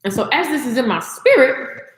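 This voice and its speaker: A woman's voice: high-pitched, sing-song, normal speed. Chatty woman cooking in an echoey kitchen. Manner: chatty, talks to viewers as y'all, Southern slang. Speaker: vlogger and business coach. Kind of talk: casual chat while cooking. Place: home kitchen.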